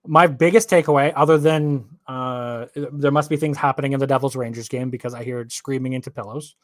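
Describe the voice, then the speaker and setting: A man's voice: mid-range voice, steady tone, a little fast, no room sound, clean studio sound. A man co-hosting a sports podcast, talking casually and ranting with lots of repeated words. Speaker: podcast co-host.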